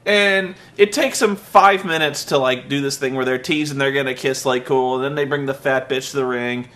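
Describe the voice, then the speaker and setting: A man's voice: mid-range voice, moderate pace, fairly bright tone. A man giving a profane, exasperated comedic rant as a wrestling show reviewer, mocking what he watched. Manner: exasperated, mocking, heavy swearing.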